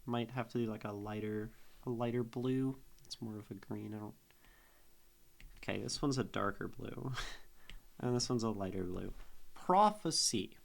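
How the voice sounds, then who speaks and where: A man streaming live, slowly thinking aloud as he breaks down a poem, sounding out its syllables. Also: on the low side, vocal fry. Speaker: streamer analyzing poetry. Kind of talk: casual live-stream teaching.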